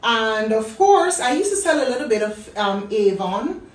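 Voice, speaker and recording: A woman in her thirties with a Jamaican accent, telling a personal story in a lively way and acting out what people said. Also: a little high, moderate pace. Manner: animated storyteller acting out quotes. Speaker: business talk host. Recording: roomy, distant mic.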